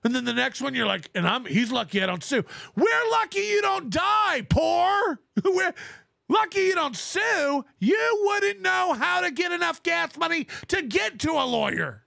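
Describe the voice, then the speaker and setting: Ranting on his livestream at a measured pace, this animated man has a high voice with grit and a bright, strained tone. He ridicules his detractors, swears often and laughs between digs, all captured dry and close-up.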